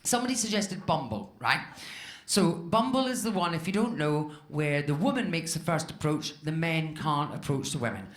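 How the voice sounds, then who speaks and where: A woman in her fifties from Scotland works a club crowd with a stand-up set, her pitch swinging up and down as she chats. She is chatty and self-mocking, and the echoey room carries bursts of audience laughter behind her. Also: animated, moderate pace. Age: 50s. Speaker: stand-up comedian. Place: comedy club stage.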